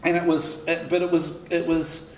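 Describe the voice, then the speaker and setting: A man in his fifties with a slightly high voice spins candid panel anecdotes, laughing, swearing and restarting often. His voice rings in an echoey hall over faint background noise. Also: little pitch movement, normal speed. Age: 50s. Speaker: writer and co-creator on a panel.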